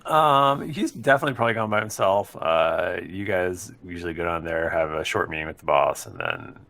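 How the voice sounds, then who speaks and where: A man running a tabletop game as dungeon master, talking loosely with many pauses and fillers. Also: sits low, big pitch swings, creaky, pushed and bright. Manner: loose, halting, full of fillers.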